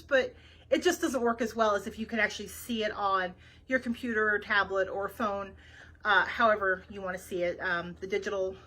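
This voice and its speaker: A woman's voice: high voice, sharp tone. A woman librarian hosting a children's read-aloud, chatty and laughing easily as she rambles. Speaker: librarian host.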